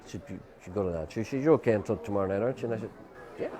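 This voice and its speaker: Low-voiced Irish man spinning a yarn. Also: rapid-fire, a crowd in the background. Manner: rambling, full of "you know", quotes people in dialogue. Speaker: guest musician. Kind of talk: casual anecdote telling.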